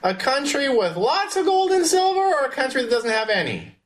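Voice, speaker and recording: A man's voice: extremely high pitch, wildly swooping pitch, normal speed. A man teaching a class, asking questions and calling on students by name. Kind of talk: classroom history lesson.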